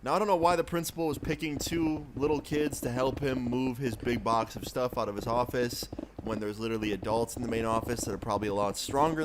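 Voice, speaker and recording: Young man, streamer, casual storytelling, swears freely, mid-pitched, noisy mic with keyboard clicks. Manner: casual, profane, animated storyteller.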